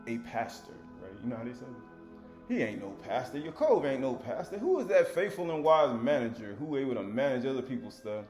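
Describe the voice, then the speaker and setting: A man's voice: medium pitch, sing-song, fairly quick, a little mellow, faint music behind. Preaching man in an echoey room. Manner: informal preaching, rising to emphatic reading. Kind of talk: sermon.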